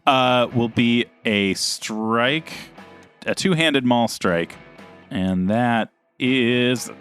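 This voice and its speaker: A man's voice: mid-range voice, very slow, fairly bright tone, clean tone, faint music behind. Easygoing male tabletop player. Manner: thinking aloud with fillers. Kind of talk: casual chat at a tabletop game.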